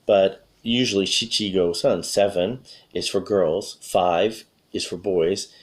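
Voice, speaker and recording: A deep-voiced man gives a relaxed spoken English lesson. His voice is slightly hoarse, and he clears his throat now and then. He rambles along and often corrects himself mid-sentence. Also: takes it slowly. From USA. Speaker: English teacher. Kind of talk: casual spoken lesson for learners.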